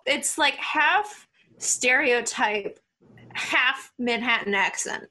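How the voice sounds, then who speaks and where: A young woman co-hosting a casual music podcast, animated and quick with jokes and asides. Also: on the high side. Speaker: podcast co-host. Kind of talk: casual album review chat.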